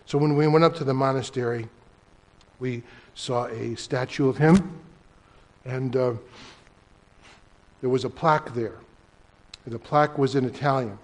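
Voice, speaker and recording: An older man preaching a sermon as pastor, telling a story and swinging between loud emphasis and hushed, almost whispered lines. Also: medium pitch.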